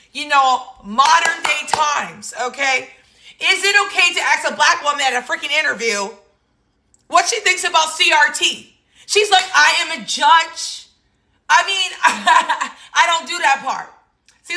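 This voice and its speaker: A woman in her thirties hosting her own show, giving animated, sassy political commentary, exclaiming and laughing often. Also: high-pitched. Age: 30s. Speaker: host.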